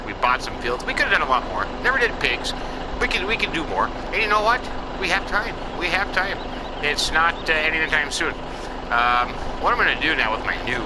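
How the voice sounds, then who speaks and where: Speaking in a mid-range voice over heavy background noise, a man role-plays a farmer while playing a farming game for a let's-play. His in-character commentary is folksy and rambling, peppered with "I tell ya" and "you know."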